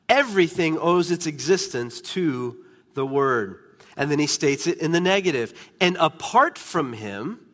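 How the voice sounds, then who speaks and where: A man preaching a sermon as pastor, emphatic, slowing down and dropping to a hush on key words. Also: a little high. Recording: long reverb of a large hall.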